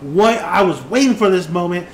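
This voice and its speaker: A man hosting a casual TV review, retelling scenes in an animated way and acting out characters' lines. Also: sits high, moderate pace, roomy sound, slight background noise. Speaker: TV review host. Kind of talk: casual spoken TV recap.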